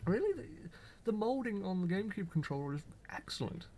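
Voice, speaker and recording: A young man co-hosts a podcast, chatting casually about games and teasing his partner. His pitch swings widely, giving his talk a lively, animated lilt. He sounds relaxed and playful. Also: fairly quick. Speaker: podcast co-host. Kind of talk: casual chat.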